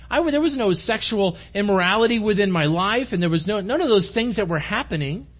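Male pastor, high lively delivery, earnest and direct with the congregation. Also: slightly rough. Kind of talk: conversational sermon. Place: church room.

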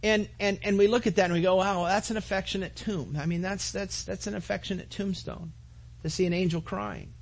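A man's voice: high-pitched, fairly even intonation, a little fast, creaky. A man preaching a sermon to his congregation, earnest, with repetitions and asides to the listeners. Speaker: pastor.

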